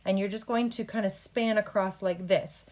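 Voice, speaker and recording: A woman runs a play rehearsal, walking an actor through cues and line readings in a brisk, instructive way. Her voice sits at a middling pitch. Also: steady tone, a little mellow. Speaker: drama coach. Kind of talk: rehearsal coaching.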